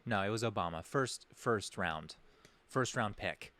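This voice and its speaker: A man's voice: lowish voice, expressive, measured pace, bright, forceful tone. A man hosting a podcast, telling a story in a rambling, sarcastic way, often correcting himself mid-sentence. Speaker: podcast host. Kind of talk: comedic storytelling.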